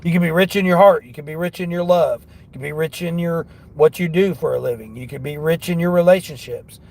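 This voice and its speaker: Brief: gravelly, slightly high-voiced man, rambling motivational talk from his car. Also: fairly quick, a little mellow. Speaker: delivery driver vlogger. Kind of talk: casual talk while driving.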